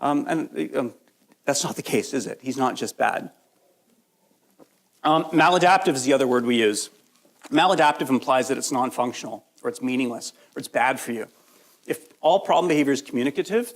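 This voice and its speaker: This workshop presenter has a mid-range voice and is lecturing live to a training audience while getting over a cold. His style is chatty and full of jokes, with frequent "right?" check-ins.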